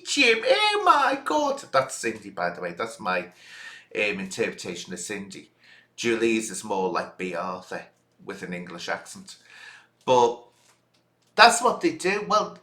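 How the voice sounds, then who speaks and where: A man's voice: mid-range voice, bright, forceful tone, echoey room. A man hosting a reaction video, scolding his critics in an indignant, direct rant. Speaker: channel host.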